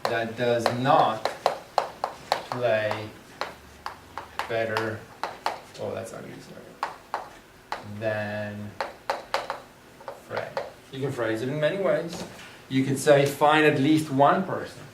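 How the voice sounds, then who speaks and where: A man's voice: mid-range voice, steady tone, slow, long pauses. A man teaching a class, thinking aloud and putting questions to his students. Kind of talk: classroom lecture. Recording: echoey room, distant mic, clear background noise.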